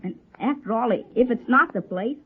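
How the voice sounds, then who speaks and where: A woman's voice: on the high side, lively intonation, normal speed, breathy edge. A woman playing an eager, hungry young boy. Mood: boyish. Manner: eager, boyish slang. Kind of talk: 1940s radio acting. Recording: narrow phone-like old radio sound.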